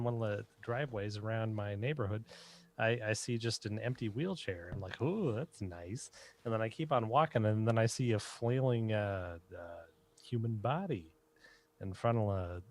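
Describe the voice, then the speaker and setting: Man telling a rowdy story. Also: fairly low pitch. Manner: animated, acts out quotes in raised voices. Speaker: podcast co-host. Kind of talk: casual storytelling banter. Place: home recording, remote podcast.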